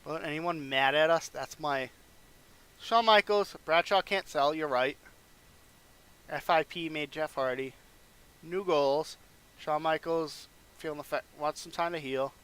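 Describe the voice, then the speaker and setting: A man's voice: a little high, a little slow, pauses often, fairly bright tone, clean tone. A young man casually narrating a wrestling management game playthrough, rambling and acting out characters' lines. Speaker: gaming channel host.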